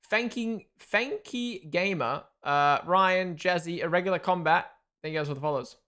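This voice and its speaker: A man's voice: sits high, moderate pace, smooth. A man hosting a live race watchalong, reacting to the action and chatting casually with his viewers, reading their comments and thanking followers. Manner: excitable, chatty, reads out chat and thanks followers.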